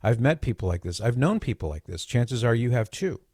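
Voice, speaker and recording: A man hosting a radio show, telling a personal story in a lively monologue and acting out the quoted dialogue. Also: medium pitch, a little fast, husky, no room sound, studio quality. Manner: animated, acts out quoted dialogue.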